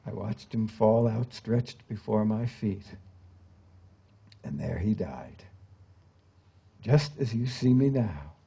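Older man reciting poetry, mellow and grave. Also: on the low side, gravelly, husky, dull audio. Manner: measured, grave recitation that sinks to a hush; chatty and hesitant with many fillers when speaking off the page. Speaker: literary translator giving a public reading. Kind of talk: poetry reading and audience talk. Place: public lecture event before an audience.

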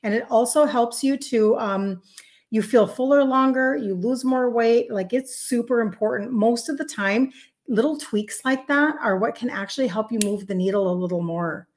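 Greeting viewers and responding to their comments as they arrive, a woman in her fifties hosts a chatty health-coaching live stream. She's from Minnesota and has a Minnesotan accent. Her voice is a little high and darkish in tone, at a moderate pace.

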